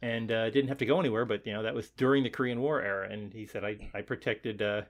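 A man in his twenties co-hosting a podcast, chatting casually with halting restarts and a reassuring tone as he tells stories. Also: on the low side, steady tone. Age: 20s. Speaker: podcast co-host. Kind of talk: casual chat.

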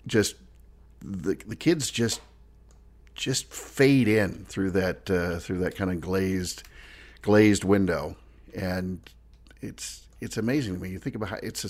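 Low-voiced man talking thoughtfully. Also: husky. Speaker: podcast co-host. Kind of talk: casual discussion of an old TV episode.

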